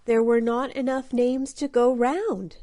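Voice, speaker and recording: Mother bear in a kids' story, gentle and calm, even delivery, woman narrator. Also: a little high, measured pace, lightly acted.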